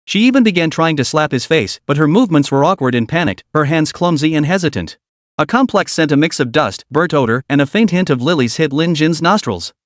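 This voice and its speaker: Guy reading a story out, kinda high voice, dry no-room sound. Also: a little fast, no room sound. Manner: even, dramatic storytelling. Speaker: narrator. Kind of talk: scripted story narration.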